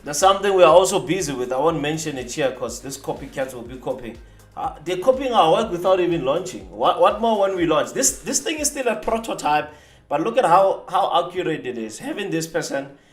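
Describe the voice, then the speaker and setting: A man hosting a live trading stream, talking casually and boastfully while demonstrating software. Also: a little high, roomy sound. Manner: animated, boastful, teasing rivals.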